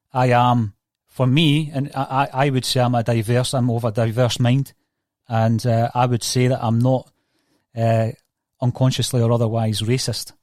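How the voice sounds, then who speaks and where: A man hosting a podcast interview, earnest and halting as he frames his questions. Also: medium pitch, darkish tone, no echo, clean studio sound. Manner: earnest, halting, with fillers and restarts. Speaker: podcast host.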